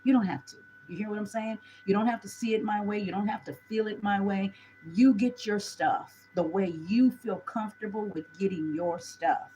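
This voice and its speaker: A woman's voice: mid-range voice, normal speed, mellow, slight background noise, low-quality recording. A woman gives a chatty live tarot reading, talking straight to her viewers. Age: 40s. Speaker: tarot reader.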